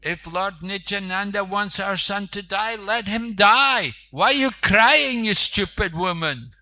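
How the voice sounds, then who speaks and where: Storytelling preacher man voicing a devoted disciple; fervent, bright, unhurried. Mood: stern. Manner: fervent, raised pitch. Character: devoted, humble male disciple.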